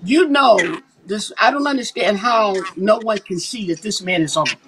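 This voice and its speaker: A woman's voice: medium pitch, moderate pace, noisy background. A woman, talking animatedly and emphatically on a casual livestream. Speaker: livestream co-host.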